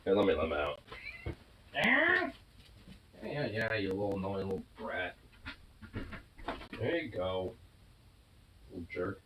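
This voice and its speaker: With background noise around him, a low-pitched man takes it slowly, pausing often, his voice swinging hugely in pitch. He's chatting playfully with his cats at home, teasing them with swearing and mock insults before cooing baby talk.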